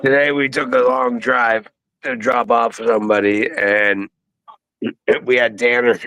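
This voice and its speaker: A man's voice: medium pitch, flat delivery, measured pace, pushed and bright, smooth, highs cut off. A man casually telling a rambling story as a guest on a live stream, swearing freely.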